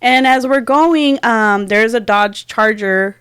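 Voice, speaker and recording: A woman in her thirties co-hosting a casual podcast, telling stories with lots of laughter. Her voice sits a little high. It is recorded close and dry. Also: takes it slowly, clear, resonant tone, no echo. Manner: animated storyteller, laughs often. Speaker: podcast co-host. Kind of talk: casual chat, storytelling.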